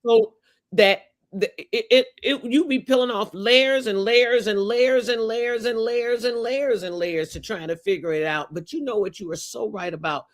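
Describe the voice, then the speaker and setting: A woman hosting a livestream interview over a video call, animated and plain spoken, often chiming in to agree. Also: on the high side, normal speed. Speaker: livestream talk show host. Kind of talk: casual interview chat.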